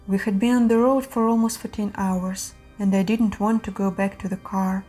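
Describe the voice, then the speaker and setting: A woman narrating horror stories in a steady, measured reading voice. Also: medium pitch, faint music behind. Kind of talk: scripted horror story narration.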